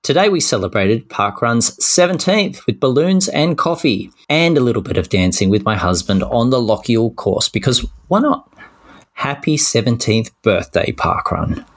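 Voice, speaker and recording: A man's voice: medium pitch, expressive, normal speed. A man co-hosting a podcast, cheerfully reading out listener messages with self-deprecating asides. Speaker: podcast co-host.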